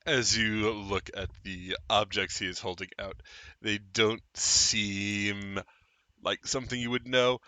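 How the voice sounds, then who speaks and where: A man's voice: fairly low pitch, steady tone, takes it slowly, pushed and bright, no room sound. A man narrating a tabletop game as game master, describing scenes vividly.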